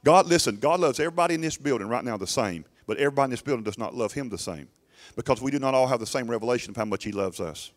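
A man's voice: medium pitch, animated, very fast. A middle-aged man preaches to his church in an emphatic, urging way. He stumbles and restarts often as he presses his point. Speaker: pastor. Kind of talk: sermon.

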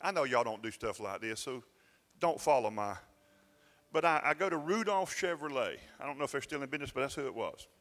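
A pastor telling a personal story in a sermon, folksy and self-mocking, dropping into plain dialect grammar. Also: male voice, mid-range voice, animated, a little fast, fairly bright tone. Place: church sanctuary. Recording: church sanctuary with long reverb and faint music.

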